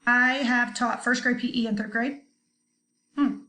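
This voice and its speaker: Cheerful woman teacher doing a distance-learning grammar lesson for little kids, chatty, voice on the high side. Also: steady tone, a little slow, pauses often, pushed and bright. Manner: chatty, upbeat, talks straight to young students. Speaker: third grade teacher.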